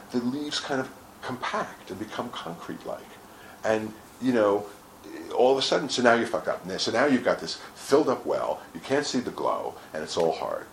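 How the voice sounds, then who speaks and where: A man with a very deep, gravelly voice, talking as a guest in a relaxed chat. His pitch swings widely as he acts out little scenes and swears without a second thought. The sound has an echoey room to it with faint hiss underneath. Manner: animated storyteller, acts out quotes, swears casually. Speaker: interview guest. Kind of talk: casual explanatory talk.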